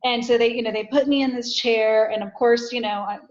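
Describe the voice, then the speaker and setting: Woman guest on a podcast telling her stories frankly, pitched a bit high, kinda dull lo-fi audio. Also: fairly even intonation, brisk. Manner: candid storytelling, self-deprecating. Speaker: guest author. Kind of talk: casual podcast conversation. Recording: dull, muffled sound.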